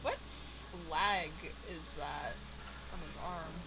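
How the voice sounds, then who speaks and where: A woman's voice: deep voice, slow pace, background noise. A woman chatting casually on a voice call, teasing and laughing a lot. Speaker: friend on call. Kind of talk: casual chat.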